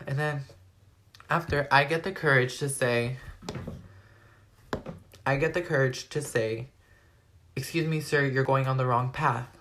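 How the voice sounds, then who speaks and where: A teenage young man telling a personal story to his vlog audience in a rambling, animated way, packing nearly every phrase with "like.". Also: mid-range voice, unhurried, long pauses. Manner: rambling, animated retelling full of "like". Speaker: vlogger. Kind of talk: storytime retelling.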